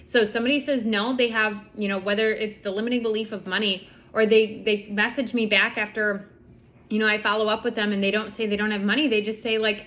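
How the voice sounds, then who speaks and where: Young adult woman, casual coaching talk, chatty, acts out quotes, mid-pitched voice. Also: flat delivery, fairly bright tone. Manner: chatty, fast-talking, lots of "like" and acted-out quotes. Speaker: network marketing team leader.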